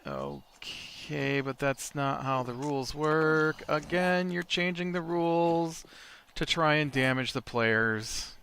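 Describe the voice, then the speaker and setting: A man's voice: on the high side, sing-song, slow pace, creaky, a bit bright, slight background noise. A man hosting a let's play, telling a rambling story between remarks on the game. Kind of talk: casual gameplay commentary.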